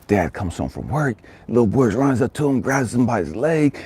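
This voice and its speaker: A man's voice: mid-range voice, sing-song, normal speed, few pauses, a little mellow, husky. A man telling a motivational story, emphatic and fond of repeating phrases for effect. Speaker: motivational speaker.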